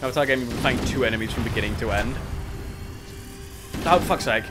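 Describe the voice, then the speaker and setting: A man streaming a video game, exasperated, swearing and yelling at enemies. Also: mid-range voice, animated, a little fast, pauses often, faint music behind. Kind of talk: gaming commentary.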